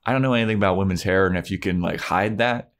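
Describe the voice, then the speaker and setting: A man co-hosting a laid-back podcast, talking in a low voice as he recaps a TV episode. He is loose and jokey, swears now and then, and slips into silly character voices. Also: fast talker. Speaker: podcast co-host. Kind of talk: casual chat recapping a TV episode.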